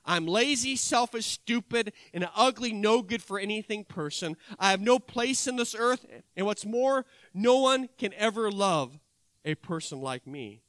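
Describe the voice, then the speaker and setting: A man voicing a despairing young male college student who speaks in a low, trembling way. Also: expressive, a little slow, fairly bright tone, no echo. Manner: trembling, self-loathing.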